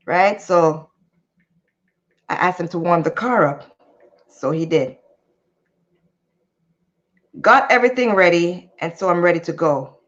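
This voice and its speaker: A woman hosting a casual livestream, telling a story in an animated, chatty way and stopping to greet viewers. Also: on the low side, normal speed. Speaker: livestream host. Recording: muffled lo-fi audio.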